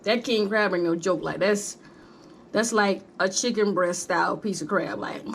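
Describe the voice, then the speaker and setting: A woman's voice: mid-range voice, normal speed, vocal fry, slight background noise. A woman vlogging a mukbang in a casual, chatty way, calling her viewers "honey" and "y'all" between bites. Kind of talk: casual chat while eating.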